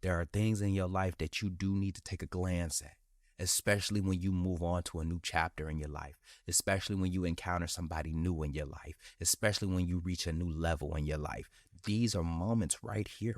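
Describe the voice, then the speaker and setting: A man talks straight to his listeners in a casual motivational monologue, loose and slangy, circling back over his phrases to drive them home. His voice sits very low. The sound is close and dry, with no room around it. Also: no echo. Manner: candid and animated, slangy, repeats phrases for emphasis. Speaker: podcast host.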